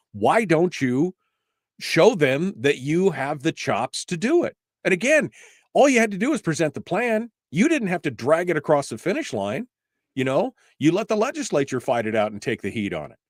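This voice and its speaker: A man's voice: on the high side, no echo, clean studio sound. A man hosting a political talk radio show, exasperated and emphatic, firing off rhetorical questions.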